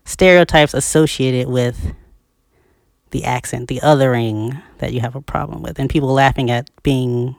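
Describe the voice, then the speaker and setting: Animated, emphatic podcast co-host. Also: moderate pace, creaky, dry recording, clean studio sound. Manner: animated and emphatic, pitch leaps up when making a point, laughs often. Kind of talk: casual discussion.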